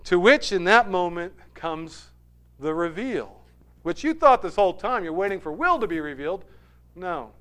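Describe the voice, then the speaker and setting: A man retelling a movie story in an animated sermon style, swinging between loud bursts and hushed asides. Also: high voice, moderate pace, smooth. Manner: animated retelling with sudden soft drops.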